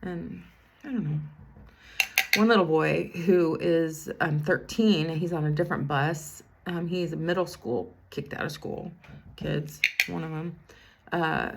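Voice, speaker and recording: Unhurried and deep, this woman's voice is creaky and slightly rough. A school bus driver in her fifties, she rambles through a story during a casual get-ready-with-me session, interrupting herself to talk about her eyeliner.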